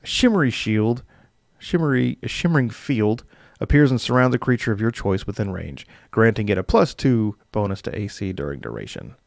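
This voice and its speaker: A man's voice: fairly low pitch, expressive, moderate pace, gravelly, darkish tone, dry recording, clean studio sound. A young man casually hosting a live stream as dungeon master, rambling with filler words and chuckling as he reads viewer comments.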